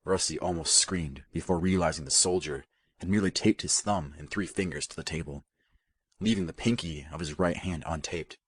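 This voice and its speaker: A male audiobook narrator with an extremely low, husky voice. He reads steadily and evenly, and the recording is close and dry. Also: moderate pace, no room sound. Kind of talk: scripted narration.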